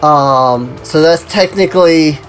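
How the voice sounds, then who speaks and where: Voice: medium pitch, slow pace, soft background music. A streamer chatting casually while playing an online game, rambling and saying "you know" and "like" constantly.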